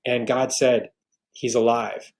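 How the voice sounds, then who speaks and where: A man's voice: mid-range voice, little pitch movement, takes it slowly, a little mellow. A man in his forties from New York, a podcast guest, telling an emotional faith story with many restarts. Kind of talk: earnest faith testimony.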